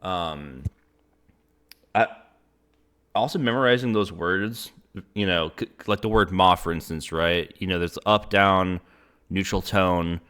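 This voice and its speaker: A man's voice: sits low, takes it slowly, pauses often, a bit bright, clean tone. A young man interviewing a guest in a casual chat, rambling with many "um"s and "you know"s. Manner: rambling, many fillers and restarts. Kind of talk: casual conversation.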